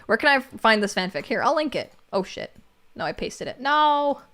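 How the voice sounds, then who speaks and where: A woman co-hosting a livestream, reading viewer comments aloud in casual chat. She laughs often and jumps to squeaky exclamations. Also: very animated, normal speed, bright, forceful tone. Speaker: livestream co-host.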